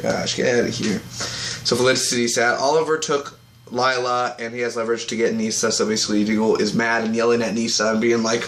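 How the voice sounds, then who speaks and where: A man giving a casual spoken review of a TV episode, rambling and excitable, recorded on a tablet. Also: mid-range voice, brisk, roomy sound, a little hiss or hum. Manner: rambling and excitable, acts out characters' lines.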